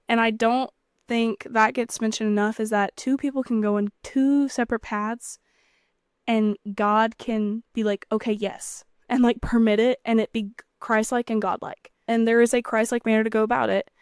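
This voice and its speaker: Young woman host, chatty and earnest, fairly high voice, dry close sound. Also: clean tone, no room sound. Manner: chatty and earnest, frequent fillers, playful asides. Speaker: podcast host. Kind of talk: faith talk monologue.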